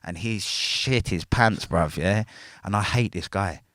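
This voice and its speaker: A man's voice: sits low, unhurried, a bit bright, dry recording, studio quality. A man, a podcast guest telling a story in casual talk, packed with slang and tags like "yeah?" and "innit". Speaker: podcast guest, former prisoner.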